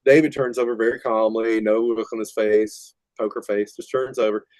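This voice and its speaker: In a relaxed interview, an older man who plays metal rambles through anecdotes, laughing often and retelling them with animation. His voice is on the low side, his pace moderate, with no room sound.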